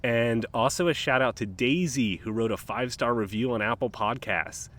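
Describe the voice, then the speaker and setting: A man hosting a casual nature podcast, talking in a laid-back, rambling way with frequent ums and uhs, recorded outdoors beside calm water in a park. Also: medium pitch, normal speed. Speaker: podcast host.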